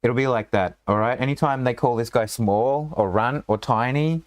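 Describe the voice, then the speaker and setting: A man's voice: mid-range voice, moderate pace, no room sound. A man running a tabletop game as game master, in a rambling, casual way full of fillers and restarts.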